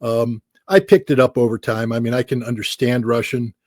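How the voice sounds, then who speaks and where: A man's voice: medium pitch, little pitch movement, moderate pace, darkish tone, dry recording. A man from the United States, an interview guest, telling wry, self-deprecating anecdotes and laughing often. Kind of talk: anecdotal storytelling.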